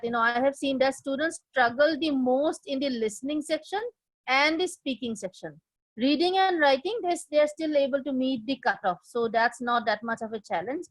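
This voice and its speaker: High-voiced woman teaching a webinar. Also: dry recording, poor audio. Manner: explanatory, asks the audience questions, frequent fillers and restarts. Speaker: test prep instructor. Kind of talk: live webinar presentation.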